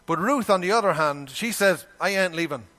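Male preacher, fairly high pitch, folksy and animated sermon delivery. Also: normal speed. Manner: animated, rhetorical questions, colloquial grammar.

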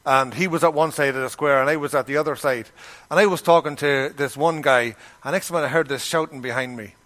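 A man's voice: fairly high pitch, fairly quick, fairly bright tone. A middle-aged Irish man preaching a sermon, telling stories in a conversational way and acting out the voices of the people in them. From Ireland. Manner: conversational storytelling, acts out quoted voices. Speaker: pastor. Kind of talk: sermon with storytelling.

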